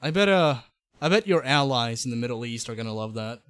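A man's voice: medium pitch, expressive, a little fast, fairly bright tone, smooth, no room sound, studio quality. A man co-hosting a podcast, introducing clips and commenting sardonically, with a lot of swearing. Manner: sardonic, swearing, steering the show. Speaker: podcast co-host. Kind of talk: casual chat.

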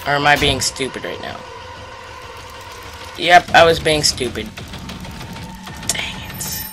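A young man giving casual, rambling commentary on a shooter game, mocking himself and loudly taunting the enemies. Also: on the high side, takes it slowly, long pauses, a little hiss or hum. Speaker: gaming YouTuber. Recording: game music playing behind the voice.

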